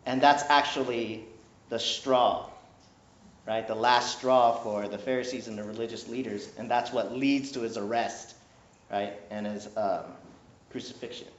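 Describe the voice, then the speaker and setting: A man's voice: mid-range voice, a little slow. Guy pastor preaching, chatty and jokey, keeps saying right?, echoey room, kinda dull lo-fi sound. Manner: conversational, animated, keeps asking "right?"; playful, jokes with the congregation. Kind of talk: sermon.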